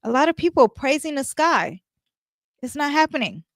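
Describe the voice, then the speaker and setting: A woman giving a casual astrology and tarot reading, chatty and animated, with many fillers and asides. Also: high-pitched, normal speed, dry recording, clean studio sound.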